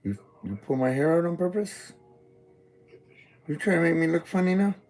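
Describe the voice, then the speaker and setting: A man high on weed, rambling goofily in a meandering monologue addressed to God. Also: sing-song, normal speed, a little mellow. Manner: goofy, meandering, talks to God. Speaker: vlogger. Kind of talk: rambling stream-of-consciousness monologue.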